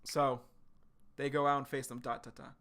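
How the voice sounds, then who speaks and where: A man streaming live, retelling a webcomic chapter in quick, casual narration with sudden excited outbursts. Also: mid-range voice, creaky. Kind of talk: live reading and reaction.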